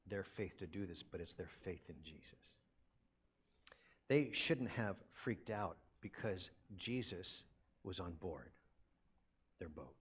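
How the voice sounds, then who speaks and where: A man's voice: on the low side, husky. A middle-aged man preaching a sermon as pastor, emphatic and repeating key phrases, on a dull lo-fi recording.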